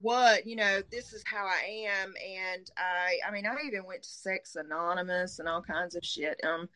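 A woman's voice: lowish voice, fairly even intonation, normal speed, sharp tone, low-quality recording. A woman in her forties from Middle Georgia with a Southern accent, a podcast guest talking candidly with lots of ums and hesitations. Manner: hesitant, many ums, laughs easily. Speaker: interview guest. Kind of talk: candid conversational interview.

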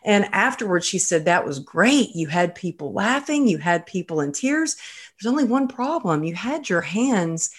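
A woman hosting an interview, telling lively stories and acting out the people she quotes. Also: medium pitch, normal speed, breathy edge. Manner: lively anecdotal storyteller, acts out quoted voices. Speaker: podcast host. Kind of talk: casual storytelling in an interview.

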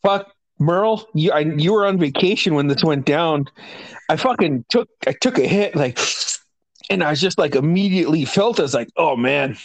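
High-voiced swearing storyteller man. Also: animated, normal speed, no room sound. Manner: profane, laughs through his stories. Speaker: host telling stories. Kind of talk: casual storytelling chat.

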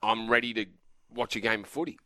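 A man with an Australian accent co-hosting a sports radio show, talking in halting starts and repeated words. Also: fairly low pitch, steady tone, pushed and bright. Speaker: sports radio co-host and caller. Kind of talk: casual radio banter. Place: radio studio. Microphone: studio microphone.

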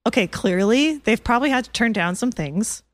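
Gushing, lively woman podcaster. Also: a little high, normal speed, dry recording. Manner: gushing, excitable fan talk with laughs. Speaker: podcast co-host. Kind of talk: casual chat.

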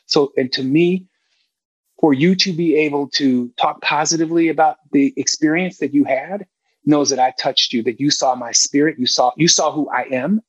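Middle-aged guy, kinda high and husky, super candid, curses a lot, dull dry audio. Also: moderate pace, dry recording. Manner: emphatic, candid, swears freely. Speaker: guest film director. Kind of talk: casual interview conversation.

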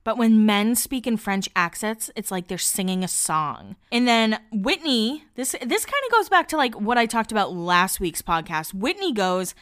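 A woman's voice: medium pitch, fairly bright tone, clean tone. A young woman from Boston hosting a podcast, recapping an episode in a chatty way and acting out the lines of the people in it. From Boston area, United States. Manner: chatty, quotes others in little voices, laughs often. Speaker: podcast host. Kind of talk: casual recap chat.

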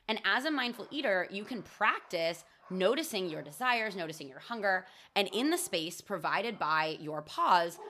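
A woman's voice: fairly low pitch, a bit bright. A young adult woman hosting a solo podcast on mindful eating, speaking in a casual, candid way, cursing freely and saying "like" often.

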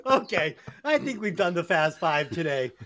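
A man hosting a casual podcast, animated and profane, laughing often as he banters. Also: a little high, normal speed, a crowd in the background. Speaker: podcast host.

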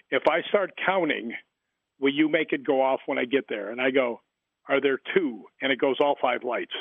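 A man's voice: medium pitch, no room sound. Man telling stories over a phone line. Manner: rambling anecdotes with many fillers and restarts. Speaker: guest, paranormal author. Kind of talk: storytelling in an interview. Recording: tinny phone line, dry.

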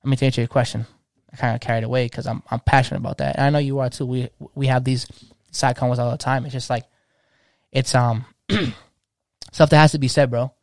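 A man's voice: mid-range voice, level tone, quick pace, no echo, studio quality. A man in his thirties, a DJ, talking passionately in casual slang and restarting his sentences often. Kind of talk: casual podcast chat.

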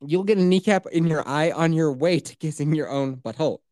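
A man telling stories in casual podcast chat, ranting in a profane, animated way. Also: on the high side, a little fast, no room sound, clean studio sound.

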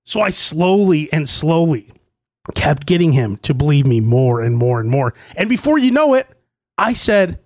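A man's voice: high voice, big pitch swings, moderate pace, no echo, clean studio sound. A man hosting his own podcast, telling stories in a profane, playfully indignant way. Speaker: podcast host. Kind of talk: solo comedic storytelling podcast.

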